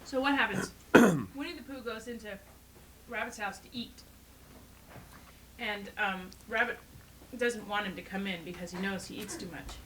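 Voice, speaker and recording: A woman's voice: mid-range voice, moderate pace, pauses often, sharp tone, a little hiss or hum, poor audio. A woman eagerly retelling a cartoon story in casual family chat, giggling often and repeating "so anyways".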